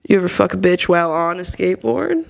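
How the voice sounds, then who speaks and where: A woman comedian guesting on a podcast, cracking dry deadpan jokes in casual chat. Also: lowish voice, quick pace, vocal fry.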